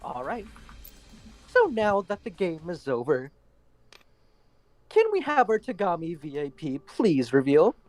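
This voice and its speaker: A woman's voice: lowish voice, wildly swooping pitch, a little slow, pauses often, a little mellow. Playful, showy woman game master. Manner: showy, playful announcer delivery. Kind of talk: theatrical game hosting.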